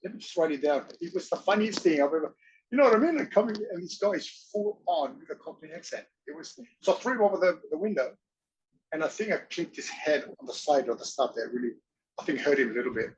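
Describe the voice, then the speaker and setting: A man as an interview guest, telling stories in an animated way, often laughing and acting out voices. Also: a little high, fast, muffled recording, slight background noise. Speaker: interview guest, wrestler and actor. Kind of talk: casual storytelling.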